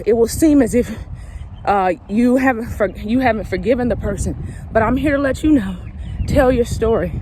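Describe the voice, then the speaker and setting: A woman's voice: a little high, mellow, a little hiss or hum. Slightly winded woman giving an emphatic pep talk. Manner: emphatic, preachy, repeats herself. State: slightly out of breath. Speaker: recovery coach. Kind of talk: motivational direct-to-camera talk.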